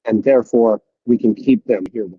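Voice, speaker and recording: A man's voice: medium pitch, steady tone, normal speed, husky, no room sound, narrow, tinny audio. A man calling in to a podcast, earnestly describing a project while swearing casually. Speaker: caller. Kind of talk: casual chat.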